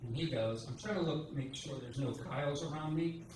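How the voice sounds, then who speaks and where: A man in his sixties performs stand-up, venting about his family with a steady stream of curses. His voice sits slightly high for a man. The sound comes from a distance in a very echoey club, under loud background noise. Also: moderate pace. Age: 60s. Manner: profane, exasperated ranting. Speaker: stand-up comedian. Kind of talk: stand-up set. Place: comedy club stage.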